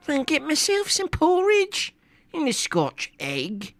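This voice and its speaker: A man's voice: very high voice, wildly swooping pitch, takes it slowly, a bit bright, no echo, pitched above the performer's own voice, full character voice. A man putting on a mock British accent, voicing a wheedling male street beggar who pleads over and over and keeps coughing. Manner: wheedling, repetitive begging. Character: high-pitched cockney-style male street beggar, pleading.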